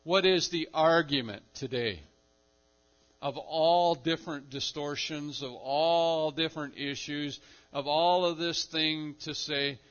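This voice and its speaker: A man preaching a sermon, moving between quiet asides and loud, stressed phrases. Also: fairly high pitch, slow pace, highs cut off. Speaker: pastor.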